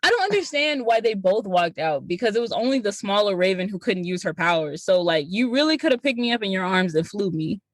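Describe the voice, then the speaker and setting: Animated young woman recapping a cartoon. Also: mid-range voice, fairly quick, few pauses, no room sound, studio quality. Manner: animated storytelling, acting out characters in passing. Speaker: podcast co-host. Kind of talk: casual recap chat.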